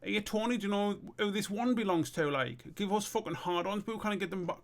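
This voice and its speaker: A man doing high, sweary lads. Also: fairly quick. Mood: bantering. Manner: sweary, bantering, high-pitched put-on. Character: two rough-talking young lads, crude and jokey. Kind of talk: reading out cartoon script lines.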